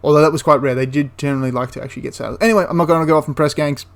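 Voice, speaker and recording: A man's voice: a little high, rapid-fire, vocal fry. A man giving a casual, enthusiastic spoken review of a tabletop wargame, rambling into asides and restarting his sentences.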